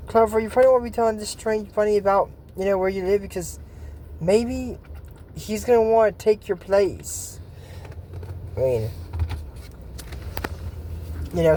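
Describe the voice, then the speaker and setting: Man, casual cartoon recap host, sarcastic and rambling, lively up-and-down delivery. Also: sits high, a little hiss or hum. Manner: rambling, sarcastic, acts out lines. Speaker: video host. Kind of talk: casual episode recap with commentary.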